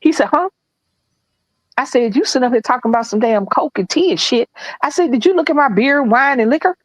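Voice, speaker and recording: Fairly quick and a little high-voiced, a blunt woman co-hosting a podcast tells an animated story in casual conversation, cursing freely and sounding loud and self-assured. The rough recording is dry and close, with no room sound.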